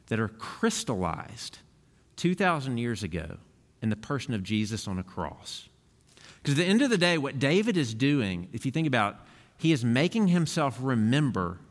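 A man's voice: medium pitch, big-room sound. A man preaching a sermon as pastor, earnest and conversational, often restarting his phrases.

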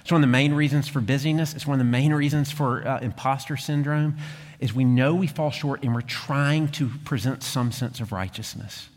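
A man preaches a sermon in a voice of middling pitch. He moves between hushed, quiet lines and strong, emphatic ones. A long reverb from a large church hall trails his words. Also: normal speed. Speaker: pastor.

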